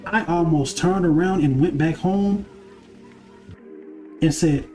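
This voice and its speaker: A man with a slightly high yet mellow voice tells a personal story in a loose, conversational way. He repeats his phrases and keeps checking whether the listener follows, while faint music plays underneath. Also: slow. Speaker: spiritual content creator and card reader. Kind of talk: casual personal storytelling to camera.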